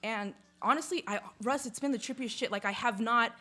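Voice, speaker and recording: A woman in casual conversation, telling a personal story in a lively, chatty way, with lots of "like" and some swearing. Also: a little high, fairly quick, soft background music. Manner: chatty, full of "like", swears freely; lively retelling, acts out sounds and inner voices. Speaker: podcast guest.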